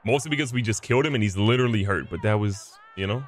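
A man giving casual, excitable gameplay commentary, joking at himself and talking to his players. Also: lowish voice, quick pace. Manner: excitable, self-mocking, talks to the players. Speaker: gaming video host.

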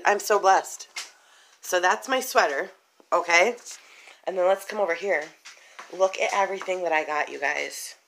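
A woman chatting excitedly to viewers in a casual vlog, talking straight to the camera about her finds. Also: on the low side, slight background noise, low-quality recording. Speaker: vlogger. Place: in a car, rain outside.

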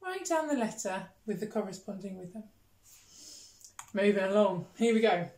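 A woman music teacher with a British accent leading a children's rhythm lesson, chanting words slowly with gasps and playful disgust. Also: mid-range voice, echoey room, slight background noise. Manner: animated storytelling, gasps and exaggerated disgust.

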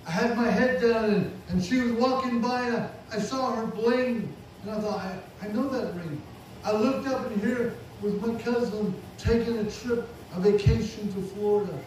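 High-voiced preacher in an echoey hall. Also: male voice, a little hiss or hum. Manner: punctuates with amen and hallelujah. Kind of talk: sermon. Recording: echoey hall recording from far off.

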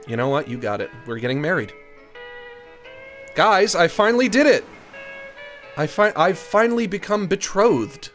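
A man's voice: high-pitched, lively intonation, normal speed, long pauses, a bit bright, faint music behind. A man chatting casually on a live stream in a playful, rambling, joking way.

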